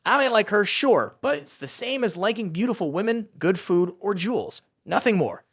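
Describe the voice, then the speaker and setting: A narrator voicing an arrogant, quick-tempered rich young man who speaks in curt commands. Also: medium pitch, animated, slightly rough, dry recording, clean studio sound. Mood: brooding.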